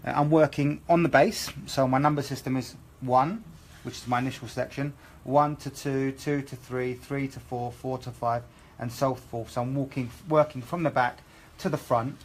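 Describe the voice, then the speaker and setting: A man's voice: medium pitch, steady tone, normal speed. A man with a British accent, a hair educator explaining a live haircut demonstration step by step. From England. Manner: explains steps methodically, asks okay?.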